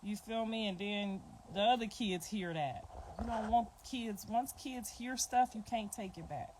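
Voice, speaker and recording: A woman's voice: mid-range voice, unhurried, noisy background. A middle-aged woman and grandmother talking bluntly and emphatically to viewers on a livestream, repeating her points. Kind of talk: casual livestream talk to viewers.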